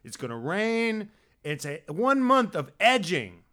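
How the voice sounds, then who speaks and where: A man co-hosting a casual comedic chat, telling stories with lots of stammering restarts and acted-out quotes. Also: slow. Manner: animated storyteller, acts out quotes with big pitch swings. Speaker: podcast co-host.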